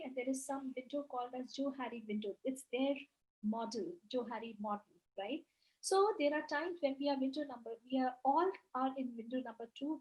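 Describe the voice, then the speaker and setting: A woman's voice: high voice, low-quality recording. A woman giving an online webinar lecture, explaining at length with many fillers and frequent "right?" check-ins. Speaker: webinar speaker. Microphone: video call.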